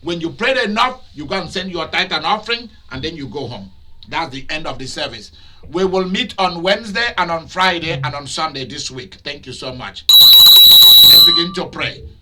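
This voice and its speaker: A man preaching a sermon as pastor, shifting between loud shouted outbursts and quieter storytelling, with laughs between points. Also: a little high, lively intonation, a little fast, noisy background. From Nigeria.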